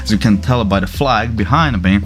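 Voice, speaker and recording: A man from the Czech Republic hosting a casual livestream, chatty and halting, often stopping to correct himself. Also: on the low side, soft background music. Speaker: livestream host.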